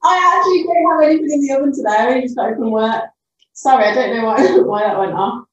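A woman hosting a casual interview from her home over a video call, friendly and quick to laugh. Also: high voice, muffled recording. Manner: friendly, laughs readily, asks questions. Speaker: host. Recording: echoey room, far from the mic, faint noise.

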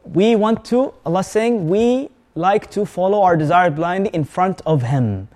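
A man with a high voice preaches a lively sermon to a live audience. He asks the audience questions and mixes Arabic words and recitation into his English. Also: measured pace. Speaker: Islamic preacher.

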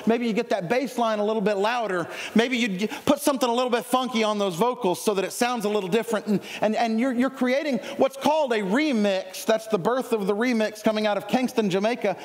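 A man with a Southern US accent delivers a sermon in a lively, chatty way, joking with his congregation between points. His voice sits very high for a man. The sound rings with the long reverb of a church hall. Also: a little fast, few pauses. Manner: lively, conversational preaching with jokes and asides. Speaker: preacher. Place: church sanctuary.

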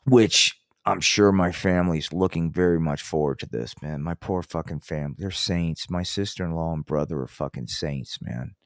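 Older guy podcasting, deep voice, dead dry room, swears a lot and keeps restarting. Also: moderate pace, hardly any pauses, dry recording. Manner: rambling, profane, restarts often. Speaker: podcast host. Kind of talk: casual ranting monologue. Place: Colorado.

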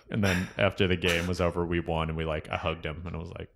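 A young man with a very low voice in a relaxed, casual chat. He tells sports stories loosely and swears freely, getting animated as he retells them. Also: fast, hardly any pauses.

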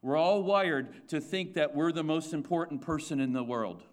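A man preaching a Sunday sermon with a notably high voice. He asks his congregation rhetorical questions, hammers home his points by repeating them, and trips over restarts as he works out each thought. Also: moderate pace. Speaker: pastor.

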